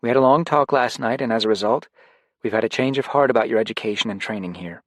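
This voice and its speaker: A man voicing a gentle, loving mother who speaks softly and reassuringly in an audiobook. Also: mid-range voice, quick pace, dry recording, voice pushed up, lightly acted. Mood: earnest. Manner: soft and reassuring.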